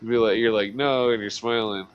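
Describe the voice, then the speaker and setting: Man, low voice, joking podcast host, rambling, laughs a lot. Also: flat delivery, fast talker, dull audio, crowd noise. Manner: laughs often, teasing, rambling. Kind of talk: casual group chat.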